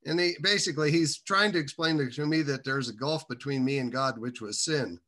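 Bright-voiced man telling his story. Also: medium pitch. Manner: halting, meandering delivery with many restarts. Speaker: guest telling his faith testimony. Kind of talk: casual personal storytelling.

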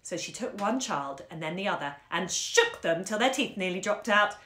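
A woman's voice: medium pitch, expressive, normal speed, pushed and bright. A woman voicing a playful grown man who tells children a tall tale, jaunty and theatrical, in a roomy echo. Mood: storytelling.

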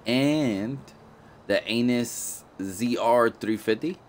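A man's voice: mid-range voice, takes it slowly, slight background noise. A man doing casual live-stream commentary on a video game, playful and slangy, often repeating himself and apologizing. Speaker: gaming streamer.

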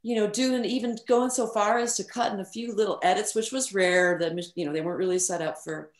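She's a middle-aged woman working as a recording engineer, telling stories in an easygoing interview; her style is direct and lively, with offhand cursing and lots of fillers. Her medium-pitched delivery runs a little fast, and the room lends it an echo.

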